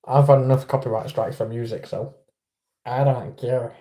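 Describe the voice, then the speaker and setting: A man's voice: mid-range voice, steady tone, moderate pace, warm tone. A man with an English accent hosting a casual livestream, chatting with viewers and greeting them by name. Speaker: livestream host.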